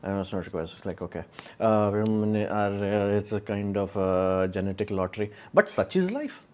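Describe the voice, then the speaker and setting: A man's voice: fairly low pitch, expressive, moderate pace, a little mellow. A young man hosting a casual live stream, answering chat questions in a rambling, opinionated way with many fillers and restarts. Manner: opinionated, explains engineering in plain terms. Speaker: livestream host.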